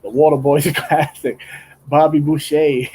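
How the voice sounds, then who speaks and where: A man's voice: a little high, steady tone, slow pace, darkish tone, breathy edge, low-quality recording. A young man chatting casually on a late-night livestream, rambling with restarts and laughing a lot. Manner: laughs often, rambling with many restarts, slangy. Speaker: streamer. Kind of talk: casual livestream chat while drawing. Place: home studio, late night.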